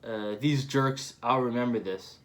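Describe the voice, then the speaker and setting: A man voicing a scheming male pirate stowaway, read aloud from a manga panel in a mid-pitched voice. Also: measured pace, close to an everyday voice. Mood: pleading.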